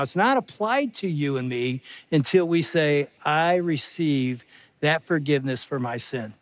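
A man's voice: a little high, no room sound. Earnest older man preaching conversationally. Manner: earnest, conversational preaching that swings between hushed and rising emphasis. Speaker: pastor. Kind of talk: sermon.

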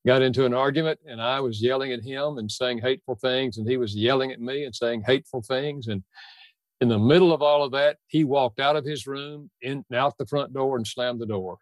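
A man's voice: mid-range voice, fairly even intonation, a little fast, dry recording. Older man telling a heartfelt story. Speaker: guest. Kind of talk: storytelling in a podcast interview.

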